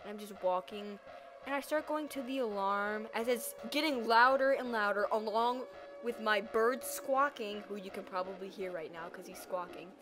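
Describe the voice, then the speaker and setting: A teenage girl telling a personal story in a casual vlog, animated and dramatic, acting out her own reactions. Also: mid-range voice, moderate pace, over music. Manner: animated, dramatic retelling with acted-out quotes.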